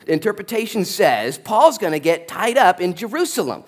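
A man preaching a sermon as a pastor, telling stories with lively, animated energy and acting out the people in them. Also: high voice, brisk, hardly any pauses. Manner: animated storytelling, acting out voices.

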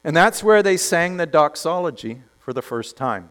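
Male preacher, sermon, very lively pitch, fairly high voice, acts out characters. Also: normal speed, hardly any pauses. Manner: animated storytelling, acts out characters, drops to quiet emphasis.

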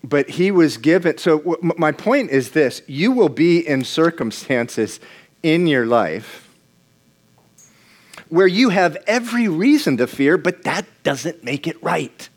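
A man's voice: fairly high pitch, lively intonation, slow. A man preaching a sermon in a conversational way, asking the congregation questions and often repeating and restarting words.

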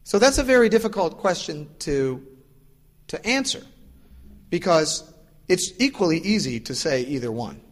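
A man's voice: moderate pace, pauses often. Male pastor preaching in a reverberant hall. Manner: casual and explanatory, acts out quoted voices with lively pitch jumps. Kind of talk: conversational sermon. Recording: long reverb of a large hall.

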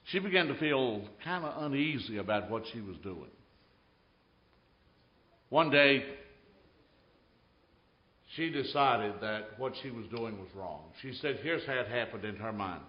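A man preaches a sermon, telling stories with a lively, swooping voice. He swings between loud bursts and hushed asides. The sound is echoey and a little dull, like an older church recording. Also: on the low side.

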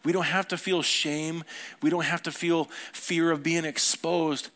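A man's voice: on the high side, fairly even intonation, a little slow, fairly bright tone. Conversational male pastor preaching. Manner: conversational, asks the congregation questions. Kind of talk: sermon.

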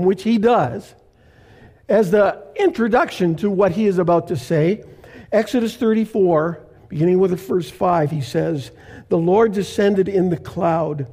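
High-voiced pastor preaching slowly. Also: male voice, warm tone. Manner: earnest preaching, slows to stress scripture, asks the congregation questions. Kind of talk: sermon.

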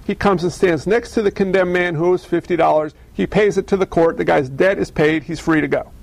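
A man preaching a sermon, telling stories in a conversational, animated way and asking the audience questions. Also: high-pitched, a little fast, creaky, dry recording. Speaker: pastor.

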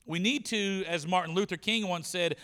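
A man preaching a sermon in a church, retelling a story with animated voices for the characters. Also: high voice, normal speed. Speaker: pastor. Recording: reverberant church hall.

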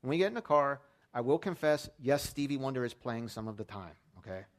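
A man's voice: mid-range voice, animated, brisk. A man preaching a sermon as pastor, telling stories in a casual, lightly humorous way. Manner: conversational storytelling with light humor.

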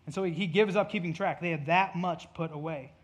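A man's voice: a little high, brisk. A male pastor giving a conversational sermon, with jokey asides and acted-out quotes, in a church.

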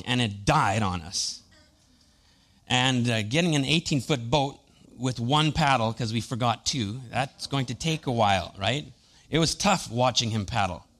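A man's voice: on the high side, a bit bright. A man in his thirties, a pastor preaching a sermon, telling personal family and boat stories in a chatty, self-deprecating way.

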